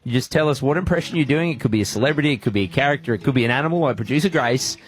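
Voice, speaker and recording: A man's voice: mid-range voice, very fast. A man with an Australian accent hosting a radio show in casual, joking banter. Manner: joking, energetic. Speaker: radio host. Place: radio studio.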